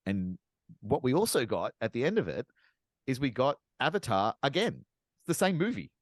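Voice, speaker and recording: A man's voice: medium pitch, moderate pace, no room sound, studio quality. A man co-hosting a podcast, ranting sarcastically about a film with plenty of swearing. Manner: animated, sarcastic ranting with profanity. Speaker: podcast co-host. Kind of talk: casual podcast chat.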